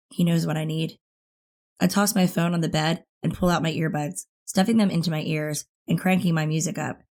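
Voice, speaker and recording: A woman narrating a first-person teen thriller audiobook in an expressive, intimate way. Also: sits low.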